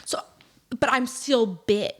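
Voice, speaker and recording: A woman's voice: a little high, slow pace, a bit bright. A woman co-hosting a podcast, chatting casually and telling candid stories. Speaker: podcast co-host. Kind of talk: casual chat.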